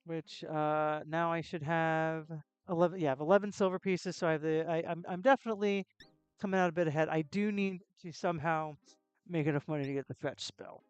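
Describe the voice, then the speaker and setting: A woman's voice: low-pitched, steady tone, a little fast, smooth, no echo, soft background music. A woman live-streaming a game, chatting with jokes and self-deprecating asides into a close desk mic. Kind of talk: casual gameplay live stream.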